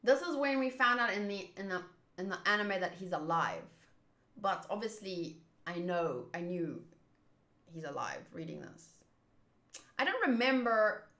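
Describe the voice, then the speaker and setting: A woman's voice: mid-range voice, sing-song, unhurried, bright, forceful tone. Chatty woman reading manga aloud. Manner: chatty, laughs and muses aloud. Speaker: manga readthrough host. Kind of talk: casual reading and chat. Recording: roomy echo.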